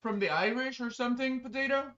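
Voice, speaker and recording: Male streamer, high and bright, rambling and excitable chat, lo-fi dull stream mic. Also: fairly quick. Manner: excitable, bursts into loud exclamations; chatty, rambling, many fillers. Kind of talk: casual live-stream chat.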